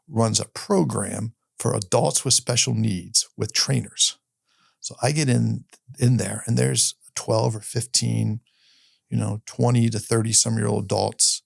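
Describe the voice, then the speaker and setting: A middle-aged man, a podcast guest, telling a personal story in a candid, halting way, often restarting and repeating his words. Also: mid-range voice, vocal fry, dry recording, clean studio sound. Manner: candid, occasionally swears.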